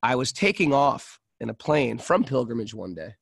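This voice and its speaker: A man co-hosting a casual spiritual podcast chat, telling lively stories and acting out the voices of the people in them. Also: mid-range voice, normal speed, creaky, slightly rough, no echo, studio quality. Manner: animated storyteller, acts out voices. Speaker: podcast co-host.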